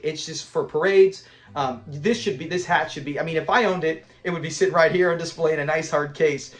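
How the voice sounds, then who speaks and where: A man hosting a casual episode breakdown, talking in an enthusiastic, rambling fan style. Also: fairly high pitch. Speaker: host of a show-review channel.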